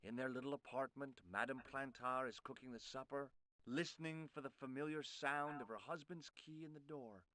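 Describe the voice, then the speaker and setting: A man's voice: mid-range voice, fairly even intonation, fairly quick, sharp tone, no echo, natural voice. An actor voicing a wry male amateur detective in a point-and-click game, telling things in a dry, sardonic way.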